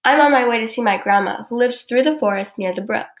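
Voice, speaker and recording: A woman's voice: on the high side, quick pace, reverberant, natural voice. A woman doing a sweet little red-hooded girl. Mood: innocent. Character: young girl in a red hood, innocent.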